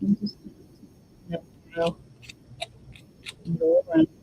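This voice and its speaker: A woman's voice: mid-range voice, huge pitch swings, a little slow, gravelly, highs cut off, a little hiss or hum. A woman hosting a casual crafting demo, thinking aloud and chatting to her viewers while she works. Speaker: crafting channel host.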